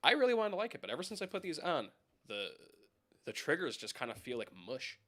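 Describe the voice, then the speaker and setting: Bright-voiced rambling male streamer. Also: a little high, sing-song, fast. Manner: rambling, swears, laughs often, talks to chat. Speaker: live-stream host reviewing keyboards. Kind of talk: casual live-stream chat.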